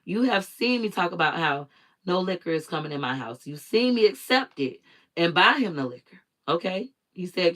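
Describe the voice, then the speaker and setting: A woman's voice: lowish voice, animated, moderate pace, fairly bright tone. A woman hosting her own live stream, telling a personal story in an emphatic, repetitive way with blunt swearing.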